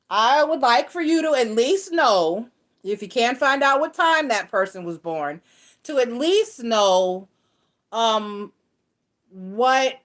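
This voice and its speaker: A woman, a tarot and astrology reader, explaining things in casual chat to her viewers, rambling with restarts and self-corrections. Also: a little high. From North Carolina.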